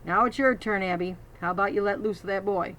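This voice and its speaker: A woman voicing a tough, gravelly old man in a storybook reading, calm and commanding. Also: mid-range voice, fast, natural voice.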